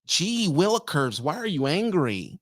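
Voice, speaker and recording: A man's voice: a little high, big pitch swings, measured pace, no room sound, clean studio sound. Heated, profane man ranting. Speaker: truck driver vlogger. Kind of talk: ranting monologue.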